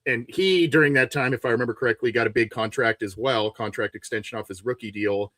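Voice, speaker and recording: A man's voice: mid-range voice, fast talker, a bit bright, dry recording, clean studio sound. A man, a guest on a sports podcast, talking casually over a remote call with many fillers and restarts.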